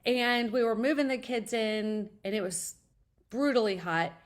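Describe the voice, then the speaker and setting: A woman's voice: on the high side, unhurried. A middle-aged woman, a college advisor, answering an interview question with earnest, upbeat personal stories.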